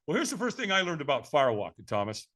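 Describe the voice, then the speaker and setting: A man in his seventies from California, a podcast guest telling a story in a lively way, often calling the listener "man.". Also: a little high, quick pace. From California, USA. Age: 70s. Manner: lively, acts out quoted voices, says "man" often. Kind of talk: animated storytelling.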